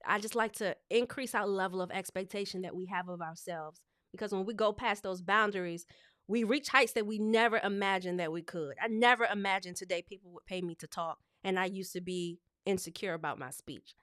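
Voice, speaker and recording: A woman hosting a live show as a speech coach, talking in a lively, expressive, conversational way. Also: medium pitch, a little fast, dry recording, studio quality.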